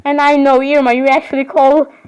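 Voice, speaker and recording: A woman's voice: high-pitched, flat delivery, a little fast, a little mellow, poor audio. A woman voicing every doll in an improvised role-play, talking in a rambling, chatty way with sudden surprised squeals. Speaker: voicing all the dolls in a homemade role-play.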